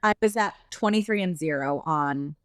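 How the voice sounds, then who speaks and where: Young woman guest on a podcast, lowish smooth voice, chatty storytelling w lots of fillers. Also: no echo, studio quality. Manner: rapid, animated retelling full of "like" fillers. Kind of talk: casual storytelling.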